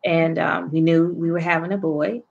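Soft-spoken woman telling a personal story. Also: low voice, level tone, vocal fry, highs cut off. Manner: soft, halting, many pauses and restarts. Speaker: guest author and poet.

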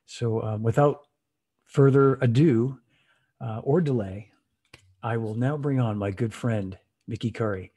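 A man's voice: medium pitch, a little slow, mellow, breathy edge. A man hosting a live online chat, introducing his guest enthusiastically with frequent restarts. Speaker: host. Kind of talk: casual interview. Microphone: video call.

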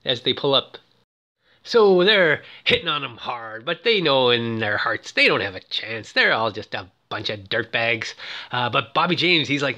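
A man's voice: medium pitch, lively intonation, moderate pace, pushed and bright. A man giving casual, playful commentary over film clips, full of fillers and cheeky asides. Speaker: film reviewer.

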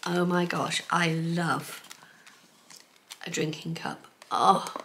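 A middle-aged woman chatting excitedly to her viewers as she unboxes a parcel in her sewing room. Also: on the low side, takes it slowly, slight background noise. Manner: gushing, excitable, talks to viewers as folks. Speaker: sewing vlogger.

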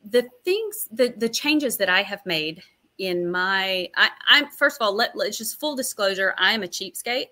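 A woman's voice: mid-range voice, expressive, normal speed, bright, forceful tone. A middle-aged woman, a nurse, telling stories as an interview guest in a chatty, long-winded, self-deprecating way. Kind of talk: casual interview storytelling.

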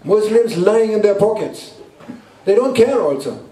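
Male Sufi sheikh, sermon, halting repeated lines, distant roomy recording. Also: high voice, expressive, dark tone. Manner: repeats short emphatic phrases, halting non-native English. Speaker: Sufi sheikh teaching a gathering. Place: indoor gathering room at a guesthouse. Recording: roomy echo, distant mic.

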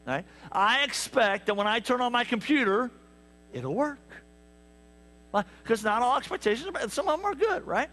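A man preaching a sermon, telling stories with lively asides to the congregation. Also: very high voice, normal speed, soft background music. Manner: animated storytelling with asides to the congregation. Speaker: pastor. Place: church sanctuary.

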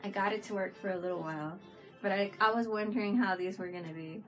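A woman's voice: mid-range voice, fast talker, fairly bright tone. Giggly woman streamer with music behind. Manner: chatty, giggly, talks to viewers in chat. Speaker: live streamer. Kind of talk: casual live-stream chat.

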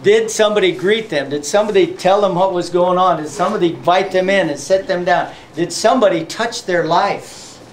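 A man's voice: high-pitched, fairly quick, few pauses, a little hiss or hum. A man preaching a sermon as pastor, folksy and joking, often laughing. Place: church sanctuary. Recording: echoey church sanctuary, mic from far off.

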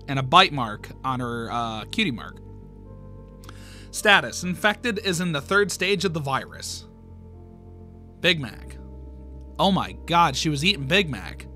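A man's voice: a little high, sing-song, measured pace, long pauses, pushed and bright, soft background music. A man reading a fan horror comic aloud, reacting with surprise and swearing. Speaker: comic reader.

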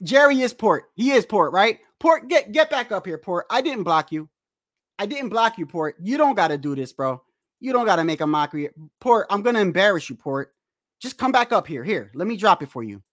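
A man hosting a boxing livestream and ranting in a heated, animated way, repeating himself, swearing often and trash-talking the chat. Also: high voice, brisk, no room sound, clean studio sound. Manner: animated, repetitive, trash-talking with frequent profanity.

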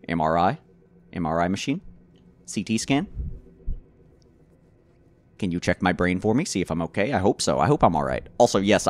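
A man giving let's play commentary on a horror game, rambling to himself with stammered restarts and sudden loud excited outbursts. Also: sits low. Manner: rambling nervous self-talk, repeated stammered restarts. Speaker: gamer playing a horror game.

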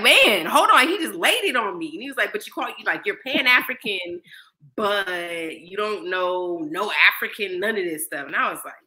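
A woman's voice: fairly low pitch, low-quality recording. A woman, a mother in her thirties, telling a personal story in a casual interview and acting out the voices of people she quotes. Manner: animated, acts out quoted dialogue. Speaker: interview guest.

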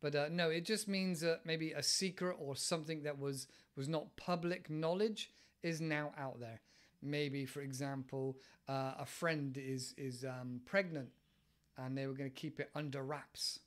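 A man talks through a podcast lesson in a relaxed, rambling way. His voice sits a little high for a man. He often stops himself mid-thought and steers back to the point. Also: unhurried. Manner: chatty, wandering, self-interrupting. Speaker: English teacher podcast host.

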